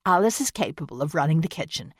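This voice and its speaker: A woman voicing a kindly, motherly hotel keeper in an audiobook, gentle, soothing and encouraging. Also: low-pitched, expressive, fast, breathy edge, no echo, clean studio sound. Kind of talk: audiobook character reading.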